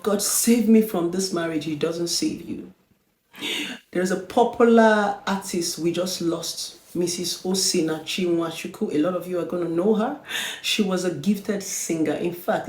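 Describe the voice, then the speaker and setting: A Nigerian woman, a relationship therapist, lecturing her online audience with scolding rhetorical questions that swing between loud and quiet. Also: lowish voice. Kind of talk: preaching-style monologue to camera. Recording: echoey room.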